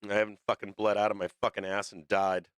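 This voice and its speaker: A man hosting a livestream, talking unscripted with heavy swearing and halting fillers. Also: on the low side, level tone, clear, resonant tone, no echo, clean studio sound. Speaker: livestream show host.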